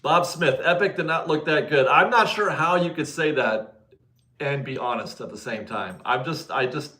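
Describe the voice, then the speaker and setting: A man's voice: fairly high pitch, normal speed, bright, forceful tone, echoey room. A man hosting a casual livestream, chatting, laughing often and correcting himself as he answers viewers. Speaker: livestream host reading viewer donations.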